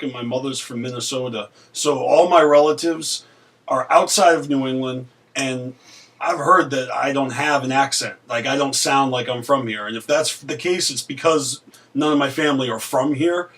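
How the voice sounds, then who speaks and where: A man's voice: medium pitch, moderate pace. Male guest with a newscaster-like delivery. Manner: even, clear newscaster-like delivery. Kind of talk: casual chat.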